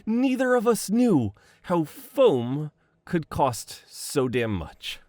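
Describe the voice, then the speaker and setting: A man's voice: high-pitched, sing-song, slow, a little mellow, no room sound. A young man playing a boyfriend in a romantic voicemail role-play, reminiscing fondly, laughing often and swearing casually.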